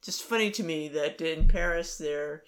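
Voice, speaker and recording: A woman's voice: deep voice, normal speed. A middle-aged woman in casual conversation, rambling with many fillers and restarts.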